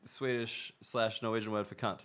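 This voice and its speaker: A man's voice: fairly low pitch, flat delivery, normal speed, a bit bright, clear, resonant tone. An Australian man hosting a comedy podcast, telling rambling anecdotes full of swearing in casual chat.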